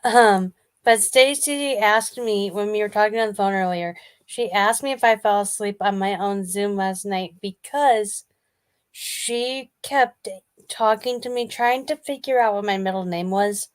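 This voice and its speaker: A woman's voice: mid-range voice, unhurried, clean tone, no room sound. A woman co-hosting a casual show, telling rambling stories and playfully defending herself. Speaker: co-host. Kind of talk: casual chat.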